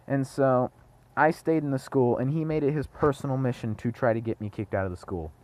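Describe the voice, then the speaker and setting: A man's voice: medium pitch, darkish tone. A young man telling a personal story in a casual vlog, rambling, correcting himself and dropping jokey asides. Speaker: vlogger.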